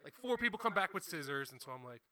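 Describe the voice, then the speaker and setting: A young man from New Jersey with a very bright, slightly high voice tells a casual story. He is laid-back and swears freely, laughing now and then as he goes. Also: sing-song, fast, a little hiss or hum. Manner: laid-back, swearing, laughs often while telling stories. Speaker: comedian guest.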